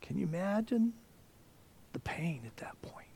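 A man preaching a sermon, dropping to whispers and rising to near shouts as he acts out the story. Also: high-pitched, very animated, unhurried, creaky, long pauses, slightly rough, no echo. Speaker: pastor.

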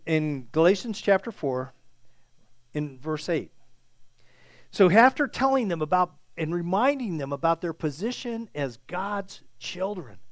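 A man's voice: high-pitched, dry recording. A middle-aged man preaching a conversational Bible sermon as pastor, often checking in with his listeners. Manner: conversational preaching with frequent "okay?" check-ins.

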